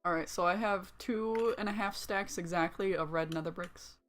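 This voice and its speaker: A woman's voice: lowish voice, moderate pace, background noise. Teasing woman in gaming banter. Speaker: gamer. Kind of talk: casual gaming chat.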